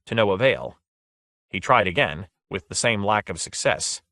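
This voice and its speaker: The fairly low-pitched voice of a man narrates an audiobook from a script, his delivery steady and measured. The recording is dry and studio quality.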